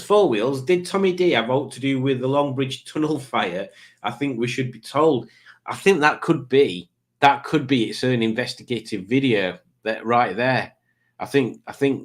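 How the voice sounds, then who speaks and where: Rambling man streaming live. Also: mid-range voice. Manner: rambling, jokey, waffling with many restarts. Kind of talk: casual live-stream chat, reading viewer comments.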